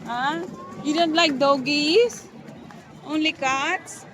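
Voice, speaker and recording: Woman, high voice, slow easy pace, coaxing a toddler, crowd chatter and noise behind. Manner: coaxing, talks to a small child in mixed Tagalog and English, laughs often. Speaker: vlogger filming her family. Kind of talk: casual family vlog. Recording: crowded noisy public space.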